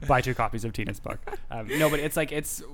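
A man's voice: medium pitch, fast talker, a loud crowd. A man co-hosting a podcast, chatting with playful enthusiasm. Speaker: podcast co-host. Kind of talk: casual chat.

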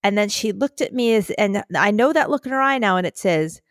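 A woman co-hosting a podcast in casual chat, animated and slightly breathy, recording from a makeshift spot in a puppy pen. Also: medium pitch, fairly quick, dry recording, clean studio sound. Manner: animated, keeps addressing her co-host by name, acts out quotes. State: a little breathy. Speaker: podcast co-host.

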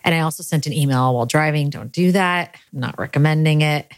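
A woman's voice: low-pitched, a little fast, no room sound. A young adult woman, grieving, telling a candid, self-deprecating personal story in a casual monologue and laughing at herself.

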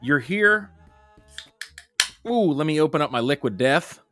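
A man in his thirties hosting a casual podcast, rambling loosely and saying "dude" and "boom" all the time. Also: animated, a little slow, over music. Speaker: podcast host.

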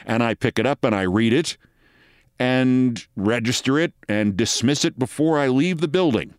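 Loud 60s guy telling a story on his podcast, emphatic, dry sound. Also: mid-range voice, no echo. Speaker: podcast host. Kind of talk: storytelling monologue.

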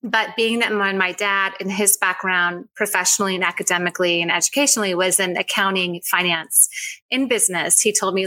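A woman's voice: mid-range voice, moderate pace, pushed and bright, low-quality recording. A woman in her forties, a company founder being interviewed on a podcast, gracious and talking in long flowing runs. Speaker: whiskey company founder, guest.

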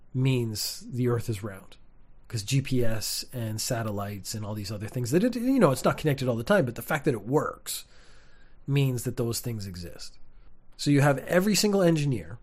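A young man, rambling through a casual comedic monologue with wry, deadpan asides. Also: mid-range voice. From Canada.

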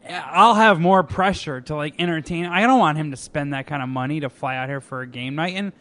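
A man's voice: a little high, a little fast, sharp tone, no room sound. Profane, laughing podcast host man. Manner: profane, laughs easily, stumbles and restarts. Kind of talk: casual podcast banter.

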